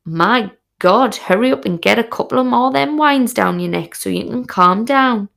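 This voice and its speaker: A woman's voice: fairly high pitch, expressive, moderate pace, creaky, a bit bright. Woman doing a blunt, teasing friend. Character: blunt jokey female friend.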